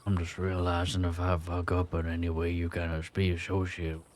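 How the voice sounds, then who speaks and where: A man's voice: low-pitched, monotone, moderate pace, a little mellow, slight background noise. A man in a game role-play, sounding tired and easygoing. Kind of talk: in-character role-play chat.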